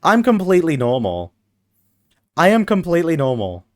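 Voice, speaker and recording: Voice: mid-range voice, sing-song, moderate pace, no room sound. A streamer chatting playfully with viewers during a long gaming stream, reading chat aloud and teasing back, sounding tired. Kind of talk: casual live-stream chat while gaming.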